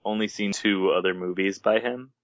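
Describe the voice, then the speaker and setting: A low-voiced man co-hosting a casual movie podcast, jokey and emphatic. The sound is dry and close, with a dull lo-fi quality. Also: steady tone, moderate pace, no room sound. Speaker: podcast co-host.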